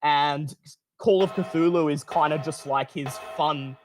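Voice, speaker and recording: A man's voice: fairly high pitch, steady tone, measured pace, music in the background. A man streaming a game, explaining at length in casual chat, with frequent restarts and fillers.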